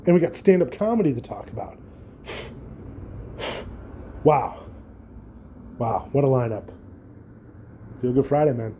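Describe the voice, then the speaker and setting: A man's voice: medium pitch, expressive, slow, long pauses, mellow, slight background noise. A young man hosting a solo podcast, rambling and joking casually with frequent swearing. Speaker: podcast host.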